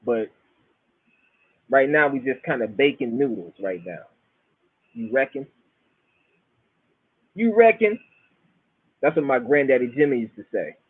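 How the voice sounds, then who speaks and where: Husky laid-back man with Florida accent. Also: medium pitch, no echo. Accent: Southern US, Florida. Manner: profane, laid-back slang, storytelling. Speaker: show host. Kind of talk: rambling casual monologue. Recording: dry, tinny phone-like sound.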